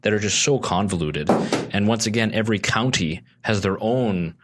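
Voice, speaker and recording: Low-voiced man making his case. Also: a little fast, very noisy. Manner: earnest, persuasive, lots of restarts. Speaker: guest, consumer advocate. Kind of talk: casual podcast chat.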